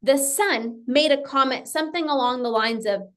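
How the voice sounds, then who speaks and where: A woman's voice: sits high, moderate pace, hardly any pauses, fairly bright tone. A woman coach giving an emphatic motivational talk, often acting out her client's thoughts and repeating phrases for effect.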